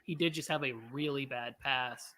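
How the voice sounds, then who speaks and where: A man's voice: mid-range voice, fairly even intonation, normal speed, bright, forceful tone. A man co-hosting a basketball watch party, talking casually with rambling asides and self-mocking jokes. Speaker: co-host of a sports watch party. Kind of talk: casual live game commentary.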